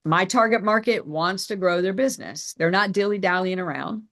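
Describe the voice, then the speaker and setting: A middle-aged woman presenting a sales training as a business coach, energetic and emphatic, repeating her key phrases. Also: mid-range voice, normal speed. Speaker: business coach and company CEO.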